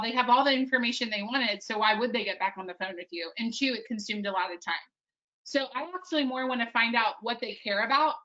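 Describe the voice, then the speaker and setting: A woman's voice: a little high, lo-fi sound. A woman in her thirties coaching a sales team in a live workshop, talking energetically and directly to the group. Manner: energetic, conversational, addresses group as guys.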